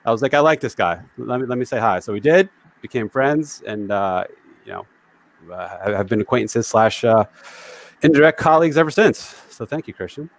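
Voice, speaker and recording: A man hosts a casual live stream over a video call, cracking dad jokes between topics. His voice sits at an ordinary middle pitch and sounds dry and close, with no room around it. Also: lively intonation, moderate pace, no echo. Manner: jokey, tells dad jokes. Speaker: host.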